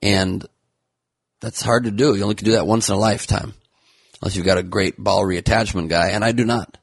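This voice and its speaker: A man's voice: on the low side, steady tone, brisk, creaky, husky, dry recording, clean studio sound. A man who is a comedian hosting a podcast, delivering a sarcastic, rambling news monologue full of jokey wordplay.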